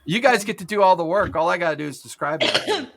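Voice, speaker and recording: Slightly high-voiced guy running a tabletop game, excited, laughs a lot. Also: fast, gravelly, a little hiss or hum. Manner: enthusiastic, laughs often. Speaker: game master.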